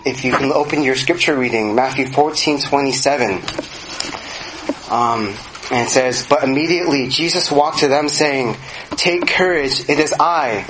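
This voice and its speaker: A young man giving a personal church testimony, earnest and chatty, with many fillers. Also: medium pitch. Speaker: church member sharing testimony. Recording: noisy background.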